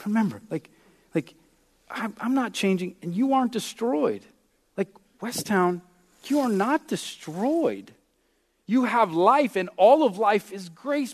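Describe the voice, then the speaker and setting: Brief: male pastor, higher-pitched voice, impassioned sermon delivery that acts out quoted prayers. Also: animated, unhurried. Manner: impassioned preaching with dramatic swings in pitch and loudness.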